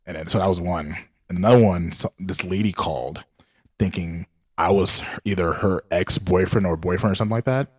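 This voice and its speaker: A man's voice: low-pitched, brisk, slightly rough, no echo, clean studio sound. A young man co-hosting a podcast, chatting casually and telling stories in a laid-back way. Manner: laid-back, storytelling with acted quotes. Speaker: podcast co-host. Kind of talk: casual chat.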